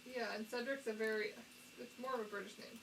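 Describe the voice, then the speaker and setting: A woman cuts in with teasing remarks in a high, fast voice. She is the host's wife, chiming in from the side. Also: steady tone, fairly bright tone, poor audio. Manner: teasing interjections.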